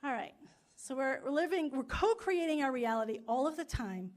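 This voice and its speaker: A woman's voice: high voice, animated, moderate pace. Woman pastor with a raised, emphatic delivery. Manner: emphatic, repeating phrases in rolling lists; storytelling with acted-out quotes. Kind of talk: sermon and affirmative prayer. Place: in a room with a congregation.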